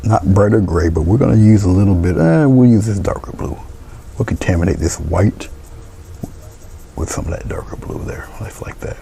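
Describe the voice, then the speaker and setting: A deep-voiced man with a gravelly edge walks viewers through a painting, calm and encouraging. His words often sink into soft, half-whispered murmurs as he works, over a faint hum of room noise. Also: normal speed. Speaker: painting instructor. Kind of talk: step-by-step painting tutorial.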